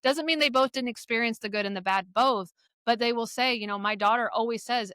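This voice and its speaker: A middle-aged woman guesting on a podcast as a coparenting expert, telling stories in a blunt, animated way with frequent swearing. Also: a little high, a little fast, clean tone, no echo, clean studio sound. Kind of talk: podcast conversation.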